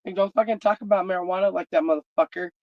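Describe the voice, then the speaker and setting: Her voice sits lowish and steady, but she races through her stories, a vlog host ranting bluntly and profanely in casual chat. The recording is dry and dull, lo-fi.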